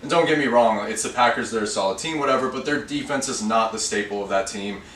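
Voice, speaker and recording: A man's voice: on the low side, fast, fairly bright tone. A man co-hosting a sports betting podcast in casual chat, walking through stats to back up his picks. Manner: lays out stats and reasons plainly. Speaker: podcast co-host. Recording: echoey room, distant mic, faint hiss.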